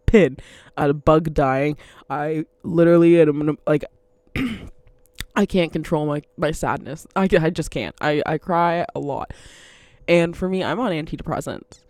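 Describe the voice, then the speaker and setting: A woman's voice: low-pitched, a little mellow, no echo. A woman talking casually in a monologue, rambling, laughing often and swearing freely.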